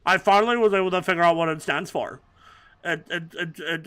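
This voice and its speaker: A man's voice: on the high side, lively intonation, moderate pace, pauses often. Man rambling crude jokes over gameplay. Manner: swings between mumbling and loud outbursts. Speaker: gaming commentator. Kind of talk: let's play commentary.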